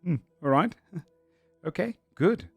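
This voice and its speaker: A man voicing a nervous, excitable male dragon who frets and stumbles over his words. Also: high voice, slow, creaky, slightly rough, no room sound, soft background music, voice pushed up, heavily acted. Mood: anxious.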